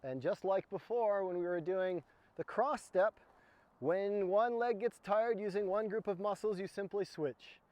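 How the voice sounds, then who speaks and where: A man's voice: high voice, a little slow, darkish tone, no echo. A man from the United States teaching mountaineering footwork, explaining each step as he demonstrates it on a snow slope. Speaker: mountaineering instructor. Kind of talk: outdoor skills demonstration.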